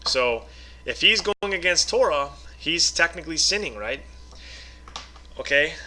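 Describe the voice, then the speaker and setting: A man's voice: fairly high pitch, animated, a little slow, sharp tone, a little hiss or hum. A man giving a casual Bible lesson, reading passages aloud and explaining them conversationally with frequent "okay?" and "right?" check-ins. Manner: reads scripture aloud, then explains it informally. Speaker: online Bible teacher. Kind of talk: casual scripture teaching to camera.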